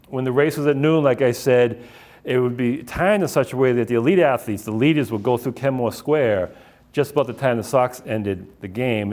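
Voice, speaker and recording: A middle-aged man tells running stories in a loose, rambling way. He talks at an ordinary pitch, stopping now and then to restart a sentence, and often drops in "uh" and "um" as he goes. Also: a little mellow. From Boston area. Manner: rambling, anecdotal, many fillers and restarts. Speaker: author giving a library talk. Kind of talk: casual slideshow talk.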